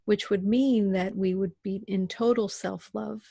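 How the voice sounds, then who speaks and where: Middle-aged woman, podcast guest, lively storyteller, dry close mic, mid pitch. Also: unhurried, gravelly, slightly rough, dry recording. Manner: animated storyteller who acts out voices. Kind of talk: casual podcast conversation.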